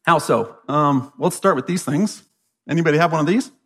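A man's voice: fairly high pitch, moderate pace, a bit bright, breathy edge. An American man speaking to a church crowd in a conversational sermon, often checking in with the audience with "right?". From United States. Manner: chatty, keeps asking the audience "right?".

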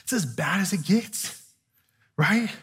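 A man's voice: high voice, expressive, slow pace, fairly bright tone, slight background noise. A male pastor, preaching a conversational sermon and often checking in with "right?". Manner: conversational, keeps asking "right?".

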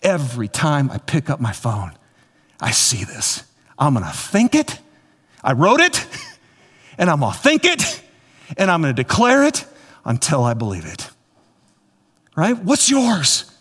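A man preaching a sermon as pastor, animated and repetitive, speaking straight to his congregation. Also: fairly high pitch, measured pace, long pauses, slightly rough. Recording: long hall reverb.

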